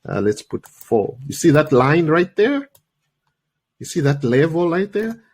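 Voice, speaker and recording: A man's voice: fairly high pitch, very animated, unhurried, darkish tone, husky. Chatty man coaching a live trade. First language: not English. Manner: chatty, peppers talk with "okay?" and "guys". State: recovering from a cold, voice slightly worn. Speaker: trading coach and livestream host. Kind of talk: live trading tutorial.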